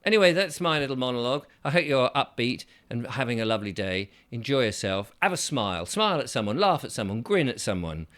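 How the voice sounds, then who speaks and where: A man's voice: mid-range voice, big pitch swings, fast, hardly any pauses, fairly bright tone. A man, hosting his own channel in a casual, upbeat monologue and acting out little voices. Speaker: channel host.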